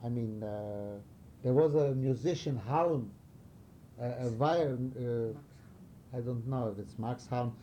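An older man from Romania in an oral history interview, telling wartime stories haltingly as he searches for words, with some animated moments. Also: medium pitch, a little hiss or hum. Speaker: interviewee recalling wartime past.

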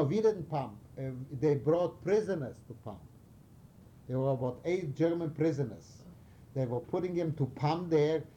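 Older man from Romania for an oral history interview: dark mellow voice, searches for words as he tells his stories. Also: on the high side, dull audio, a little hiss or hum. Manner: halting, searching for words, animated storytelling. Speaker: interviewee recalling wartime past.

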